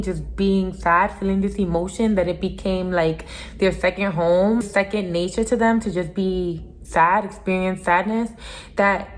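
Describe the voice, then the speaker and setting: A young adult woman giving an earnest, casual motivational talk to camera as a vlogger, repeating her points for emphasis. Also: medium pitch. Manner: earnest, repetitive, emphatic with little laughs.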